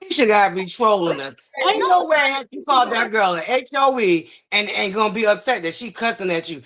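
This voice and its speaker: A woman co-host scolds the people on screen in an emphatic, slangy casual chat. Her voice sits at a middle pitch and stays steady. She talks with firm conviction. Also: a little fast, a crowd in the background.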